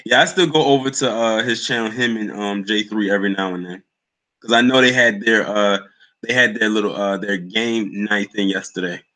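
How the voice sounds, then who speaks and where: A young man hosts his own livestream, chatting casually and calling out viewers by name as they come in. His voice sits a little low but has a bright, forceful edge. The pace is relaxed and loose. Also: normal speed, rough recording. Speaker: livestream host. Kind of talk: casual live chat with viewers.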